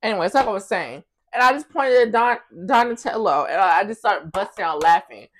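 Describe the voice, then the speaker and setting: A young woman hosting a casual podcast chat, brash and profane, flaring into loud bursts. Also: mid-range voice, expressive, fairly quick, a little hiss or hum. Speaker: podcast host.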